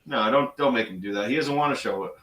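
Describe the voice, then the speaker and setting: A man's voice: mid-range voice, fast, bright, forceful tone, a little hiss or hum. A man joining a livestream as a guest, chatting casually in an easygoing way with light laughs. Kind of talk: casual chat. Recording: roomy, distant from the mic.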